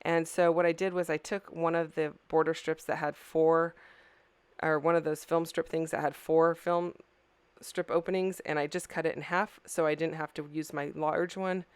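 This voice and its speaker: A woman's voice: sits low, little pitch movement, moderate pace, smooth, no echo. A middle-aged woman, tired, casually narrating her scrapbooking process as a craft channel host, rambling a little and correcting herself. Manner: rambling, self-correcting, apologetic.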